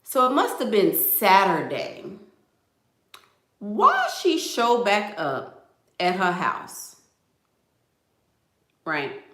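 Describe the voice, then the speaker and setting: A woman's voice: medium pitch, huge pitch swings, very slow, pauses often, a bit bright, roomy sound. A woman vlogger telling gossip to her viewers in a casual, chatty way, often calling them "girl".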